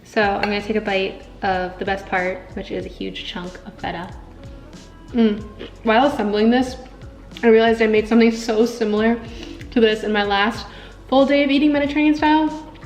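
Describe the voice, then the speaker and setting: A woman's voice: medium pitch, fairly even intonation, normal speed, darkish tone, roomy sound, faint music behind, poor audio. Chatty young woman food vlogger. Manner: chatty, upbeat, lots of fillers like "like". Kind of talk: casual vlog narration while cooking and eating.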